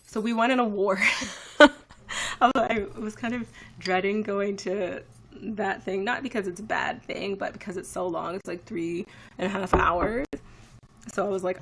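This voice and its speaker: Chatty young woman with vocal fry. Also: medium pitch, steady tone, moderate pace, slight background noise. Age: 20s. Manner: rambling, chatty, reacts to viewer comments. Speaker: livestreamer. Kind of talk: casual live-stream chat.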